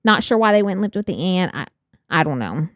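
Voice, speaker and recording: Woman, true-crime podcast co-host, lower voice, animated, dry studio sound. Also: fast talker, no room sound. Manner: laughs often, swears freely, animated.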